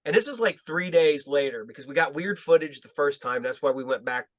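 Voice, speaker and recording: A man's voice: fairly high pitch, a little fast, no room sound. A man telling casual stories in a podcast chat, swearing freely and laughing as he retells them. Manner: profane, laughing, animated when retelling. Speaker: guest filmmaker.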